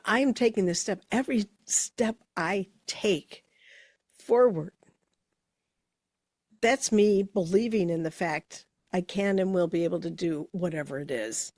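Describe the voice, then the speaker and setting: A woman co-hosting a motivational podcast, speaking in a measured, reflective way as she builds her points. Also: lowish voice, a little mellow, no room sound, clean studio sound. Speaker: podcast co-host. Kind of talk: casual motivational chat.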